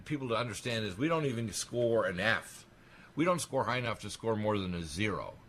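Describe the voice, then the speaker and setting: Emphatic low-voiced man on a talk show. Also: a bit bright, slight background noise. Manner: emphatic, rapid-fire alarming claims. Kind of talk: radio talk show conversation.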